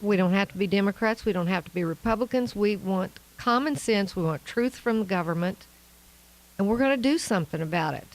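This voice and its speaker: Woman co-hosting talk radio, cheery and giggly, middle pitch. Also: fairly quick, poor audio. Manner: upbeat, giggly, encouraging. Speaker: radio co-host. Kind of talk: casual radio chat.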